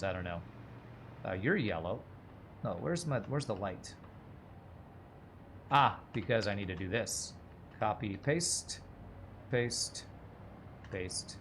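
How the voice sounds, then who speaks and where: A man's voice: fairly low pitch, slight background noise. A man streaming a game, thinking aloud as he works out numbers under his breath and chats casually with his viewers. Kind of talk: casual livestream gameplay commentary.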